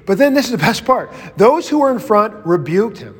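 Male pastor, slightly high voice, casual animated Bible study teacher, long room reverb. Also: brisk, few pauses, slightly rough. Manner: casual, animated storytelling with acted quotes.

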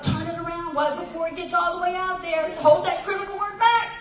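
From a distant mic in an echoey church hall, a woman pastor with a very high-pitched, fairly even voice preaches at a fairly quick clip. Her sermon is folksy and full of stories and laughter, with the crowd in the congregation calling back to her.

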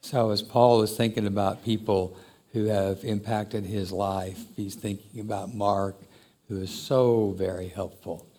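A man's voice: fairly low pitch, steady tone, measured pace, warm tone. A man preaching a sermon in a conversational, reflective way that builds to emphatic exhortation. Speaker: pastor.

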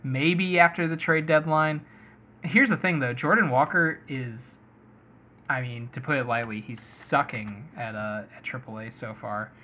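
A man's voice: mid-range voice, normal speed. A man hosting a casual sports podcast, chatty and thinking aloud with lots of hedging. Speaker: fantasy baseball podcast host. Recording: muffled lo-fi audio.

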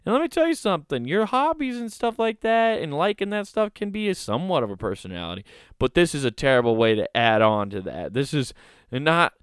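A man's voice: on the high side, big pitch swings, a little fast, clear, resonant tone, dry recording, clean studio sound. A man hosting a comedy podcast, giving sarcastic, mocking commentary and laughing often.

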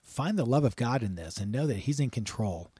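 A man's voice: medium pitch, expressive, brisk, mellow, husky, no echo, studio quality. A man hosting a Christian radio talk show, telling stories and urging listeners not to fear. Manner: earnest and encouraging, rising to exhortation.

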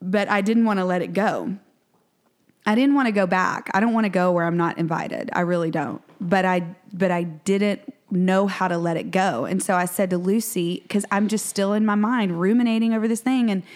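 A woman in her forties telling a story in casual chat as a podcast co-host, acting out quotes with lively jumps in pitch. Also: moderate pace.

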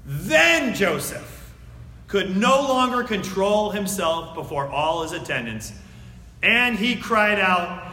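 A man preaching a sermon and reading scripture aloud, swinging between loud emphatic lines and hushed, near-whispered words. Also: high-pitched, sing-song, slow pace. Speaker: pastor. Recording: echoey hall.

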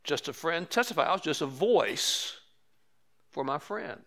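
A man's voice: on the high side, lively intonation, measured pace, a bit bright. A man preaching a sermon in a conversational way, with frequent restarts and asides. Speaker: pastor.

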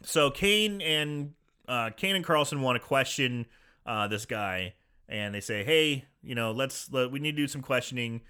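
A man co-hosting a casual chat, retelling a film scene with animated storytelling, acting out the characters' lines. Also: medium pitch, normal speed, smooth. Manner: animated storytelling, acting out quoted lines, frequent laughs and swearing. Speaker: podcast co-host recapping a film.

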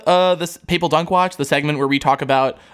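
A man's voice: a little high, fairly even intonation, a little fast, fairly bright tone, clear, resonant tone. A man co-hosting a podcast, chatting casually about a TV show and acting out the characters' lines with laughs. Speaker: podcast co-host. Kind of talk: casual chat recapping a TV show.

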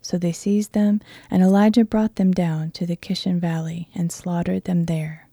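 A woman reading a Bible passage aloud in a measured, earnest voice. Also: fairly low pitch, steady tone, gravelly, mellow, dry recording, studio quality. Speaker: Bible reader.

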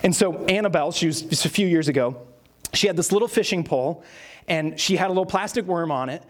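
A male pastor, delivering a sermon. His voice sits a little higher than most men's. He tells stories and acts out the quotes along the way. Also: fast talker. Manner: storytelling with acted-out quotes.

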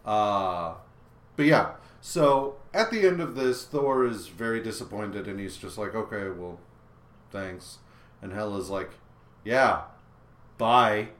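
Male podcast co-host, low-ish voice, unhurried and halting, roomy echo. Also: expressive. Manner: halting, many filler pauses. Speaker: comic book podcast co-host. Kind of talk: casual recap chat.

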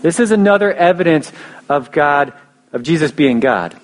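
Man, young adult, pastor, sermon, conversational, filler words, somewhat high pitch. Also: lively intonation, normal speed. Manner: casual storytelling with many restarts and fillers.

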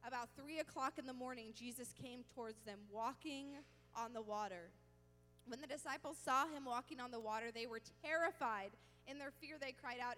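A woman preaching a sermon, emphatic and animated, drawing out words for stress. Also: high-pitched, moderate pace. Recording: long hall reverb with faint music.

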